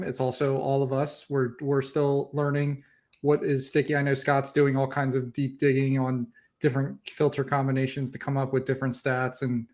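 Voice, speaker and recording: Flat-voiced man explaining on a stream. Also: medium pitch. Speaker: co-host. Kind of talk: casual live-stream chat.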